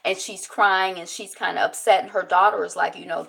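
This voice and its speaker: Gravelly-voiced woman recapping a show. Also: medium pitch, normal speed. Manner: animated, digressive, laughs while talking. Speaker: TV recap host. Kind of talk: casual chatty recap.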